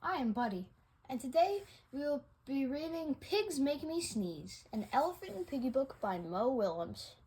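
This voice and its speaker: A woman reading a picture book aloud for children, friendly and clear. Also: high voice, big pitch swings, moderate pace, a little mellow. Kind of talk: read-aloud storytelling for kids.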